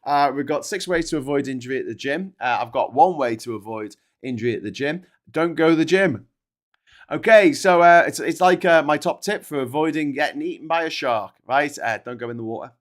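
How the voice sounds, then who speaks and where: A man hosts a relaxed livestream. He reads out headlines and drifts into rambling, jokey asides, swearing now and then as he replies to viewers' comments. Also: fairly high pitch, a little fast, few pauses. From Liverpool, England. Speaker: show host. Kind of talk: casual livestream chat reading newspapers.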